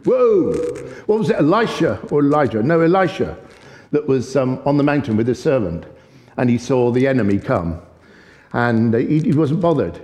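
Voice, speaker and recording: A man's voice: mid-range voice, moderate pace. Impassioned male preacher in an echoey hall. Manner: impassioned, gets excited and loud. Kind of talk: sermon. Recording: long echoey hall reverb.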